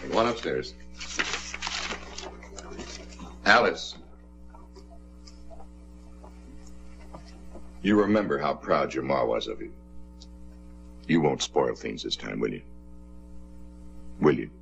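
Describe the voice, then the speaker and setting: A man's voice: rumbling low, lively intonation, normal speed, vocal fry, pauses often, a bit bright, muffled recording, slight background noise, exaggerated voice. An actor playing a stern working-class father in a 1950s television drama, scolding and commanding his daughter.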